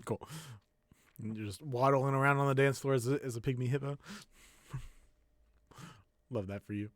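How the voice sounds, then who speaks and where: A man's voice: medium pitch, steady tone, a little slow, no room sound. A young man, the game master, running a tabletop game in a laid-back way and laughing often.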